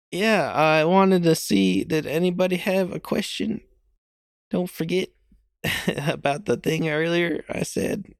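A man's voice: on the high side, a bit bright, clean tone, no room sound, studio quality. A young man hosting a podcast alone, rambling casually, mocking himself and laughing often. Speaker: podcast host.

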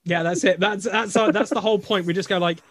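A man talking eagerly and casually as a player at a tabletop game. His voice sits very high for a man, and faint music plays in the background. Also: steady tone, fast talker, a crowd in the background. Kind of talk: casual chat.

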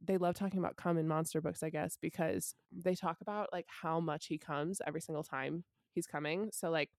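A woman's voice: sits low, fairly quick, few pauses, no room sound. Chatty woman, dry close sound. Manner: chatty, heavy use of "like" fillers; animated storytelling. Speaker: podcast co-host. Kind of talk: casual podcast chat recapping a book.

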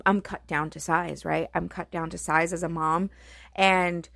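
A woman's voice: fairly low pitch, a bit bright, dry recording, studio quality. A middle-aged woman speaking as a mother, earnest and reflective, in a heartfelt personal monologue full of "you know" and "right?".

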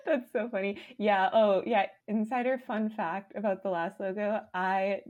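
A woman's voice: mid-range voice, fairly even intonation, normal speed, darkish tone, lo-fi sound. A woman co-hosting a casual podcast, chatty and giggly, filling her talk with 'like'. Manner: giggly, laughs between phrases, lots of 'like'. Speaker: podcast co-host.

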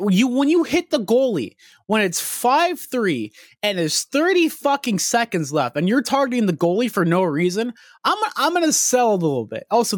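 Profane, animated young man. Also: high-pitched, no echo, clean studio sound. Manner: animated, profane, rambling storytelling. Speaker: podcast co-host. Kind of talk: casual podcast storytelling.

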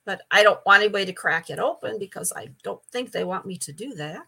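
A woman's voice: medium pitch, animated, fast, gravelly, sharp tone, slightly rough. An older woman telling stories as a guest in a casual interview, chatty, stumbling over repeated words and laughing often. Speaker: psychic medium guest.

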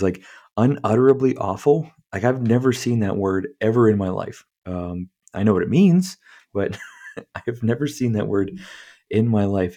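A deep-voiced man with a dark, mellow tone hosts a podcast. He reads old-fashioned prose aloud, stumbles over the wording, and drops into loose, profane asides between passages. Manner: stumbles over words, swears freely, chuckles at the text. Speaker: podcast host. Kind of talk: reading a book aloud with casual commentary.

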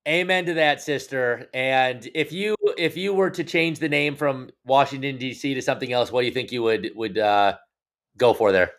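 Man, thirties, podcast co-host, playful, teasing, casual banter, mid-pitched. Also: normal speed, a bit bright. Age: 30s.

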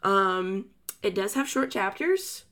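A woman co-hosts a casual book podcast in a middle-pitched voice. She talks in a loose, chatty way and circles back on herself with frequent fillers and restarts. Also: expressive, slow pace, fairly bright tone.

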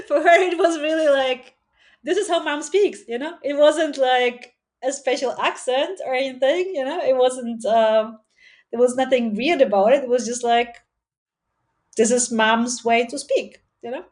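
A woman's voice: high voice, unhurried. A woman from Sweden in casual conversation, rambling and tucking "you know" into her sentences. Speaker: discussion participant.

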